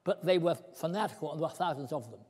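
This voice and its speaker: An older man giving an animated lecture, acting out the story with props as he tells it. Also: a little high, quick pace, slightly rough. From Britain. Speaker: speaker at a historical society talk. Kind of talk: lively lecture with demonstrations. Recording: hall reverb.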